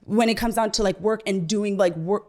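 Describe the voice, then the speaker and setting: A woman in her thirties chatting as a podcast guest. She talks loosely and quickly shifts between laughter and quieter reflection, with a mid-range voice and lots of "like"s. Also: mid-range voice. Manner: chatty, laughs often, says "like" a lot. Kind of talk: casual chat.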